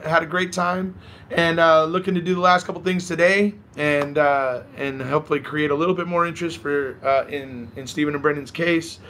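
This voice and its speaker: A hoarse man hosting a casual live stream, chatting, reading viewer comments aloud and laughing often. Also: on the high side, fairly bright tone. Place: at home by a balcony.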